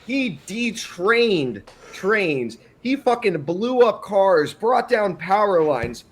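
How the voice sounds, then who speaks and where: A man's voice: sits high, big pitch swings, slow pace. A man co-hosting a movie review podcast in casual chat, hyped and joking, often saying bro. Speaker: podcast co-host.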